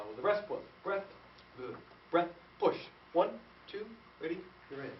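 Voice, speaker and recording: A man working as a guest conductor at a school band rehearsal, animated and playful, quizzing the students. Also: sits high, normal speed. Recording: distant, echoey, dull room recording with hiss.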